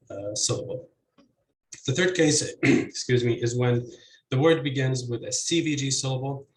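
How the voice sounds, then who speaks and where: A man's voice: medium pitch, roomy sound, poor audio. A man giving an academic conference presentation on linguistics, hesitant with many fillers and restarts.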